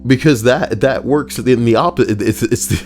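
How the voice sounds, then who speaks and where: A man hosting a casual reaction stream, talking in a slangy, animated way and swearing freely. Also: mid-range voice, normal speed, faint music behind. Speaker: streamer host.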